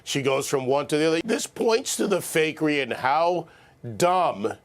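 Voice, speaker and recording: A man's voice: fairly high pitch, very animated, normal speed. A man delivers TV political commentary, scornful and emphatic. He stresses his points with disdain.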